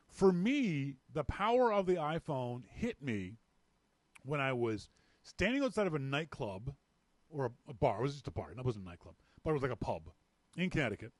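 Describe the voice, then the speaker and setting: A man from Canada hosting a podcast, telling a story in a casual, animated way and acting out the lines of people in it. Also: a little high, no echo. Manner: animated, acts out quoted dialogue. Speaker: podcast host.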